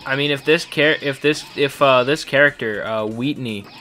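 Guy with a sharp bright voice, stammers a lot, gaming chat, faint music in the back. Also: medium pitch, normal speed. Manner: hesitant, stammering. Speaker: co-host. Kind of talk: casual gaming commentary.

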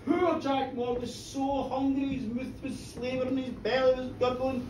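Live male folk storyteller, expressive and theatrical, mic some distance away in a reverberant pub. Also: extremely high pitch, moderate pace, few pauses, noisy background. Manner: dramatic and animated, with sound effects and screams. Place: pub stage with an audience. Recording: roomy live bar from far off.

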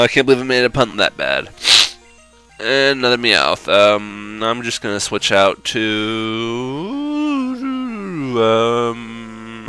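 A man's voice: on the low side, bright, forceful tone, clean tone. A young man doing gameplay commentary, swearing and groaning whenever the game turns against him. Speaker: let's play commentator.

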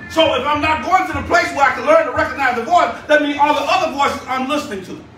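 Bishop preaching, very high bright voice, booming hall echo, mic far off. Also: male voice, fast talker, a little hiss or hum. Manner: shouting, call-and-response preaching. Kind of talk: sermon. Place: church sanctuary. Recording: echoey church room, distant mic.

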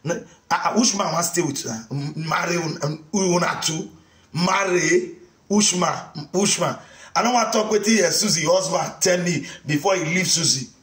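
A man with a Nigerian accent, an online preacher, ranting in a mocking, taunting way and often bursting into shouts. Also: high voice, normal speed. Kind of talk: mocking rant to camera. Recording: echoey room.

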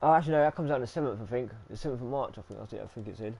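A man's voice: mid-range voice, racing, creaky, darkish tone. A British man chatting casually while gaming, swearing freely and rambling as he repeats himself. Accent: British English. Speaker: gaming streamer.

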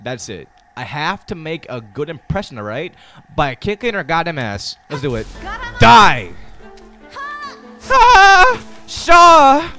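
A young man rambling and yelling crude jokes while streaming a game. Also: a little high, sing-song, normal speed, hardly any pauses, faint music behind. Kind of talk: gameplay commentary.

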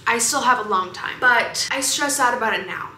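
A woman's voice: on the high side, normal speed, sharp tone, a little hiss or hum, low-quality recording. A teenage woman vlogging in a chatty, rambling, candid way, often venting and filling her talk with "like". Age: late teens. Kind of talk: casual vlog chat.

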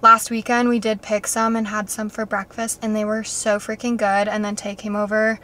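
A young woman talking casually to her vlog audience, chatty and excitable, rambling from one plan to the next. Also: mid-range voice, normal speed, slight background noise. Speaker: vlogger.

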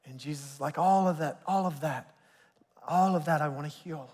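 A man preaching a sermon as pastor, talking conversationally and dropping to soft near-whispers for emphasis. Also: on the high side, moderate pace. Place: church sanctuary. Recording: long hall reverb from a church sanctuary.

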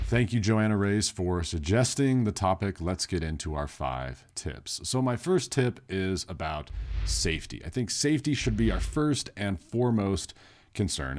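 A man who works as a nurse in behavioral health, explaining in a casual, plain-spoken way. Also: sits low. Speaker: psychiatric nurse. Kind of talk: instructional video talk.

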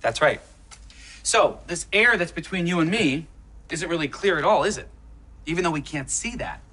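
A man acting as a patient, gently persuasive middle-aged teacher in a sitcom classroom scene, lecturing his students. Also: on the high side, animated, moderate pace, breathy edge, full character voice. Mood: earnest.

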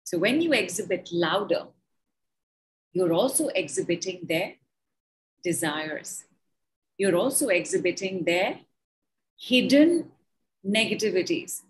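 Woman, healer, slow deliberate delivery, soothing guided talk. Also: mid-range voice, low-quality recording. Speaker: healer and guest speaker. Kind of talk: guided healing session and talk.

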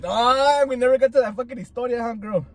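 A Southern California man eats while telling stories in a profane, slangy style, mixing in Spanish words. He's a food vlogger chatting casually, and his voice is very high, mellow, rapid-fire, and fairly even in intonation.

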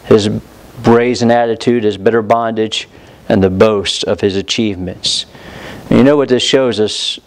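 A man's voice: fairly low pitch, steady tone, moderate pace, poor audio. A pastor preaching an impassioned sermon, acting out the voices of the people in the story he tells.

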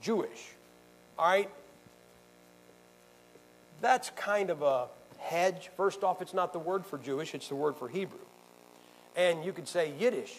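A man's voice: fairly high pitch, measured pace, long pauses, a little hiss or hum, poor audio. A male pastor teaching a Bible class, quizzing the audience and jabbing sarcastically at rival views.

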